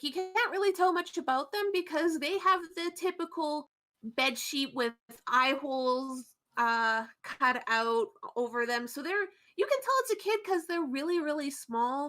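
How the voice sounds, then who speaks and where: High-voiced woman game master. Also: measured pace, pushed and bright. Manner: loose and chatty, with frequent fillers. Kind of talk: narrating a tabletop game.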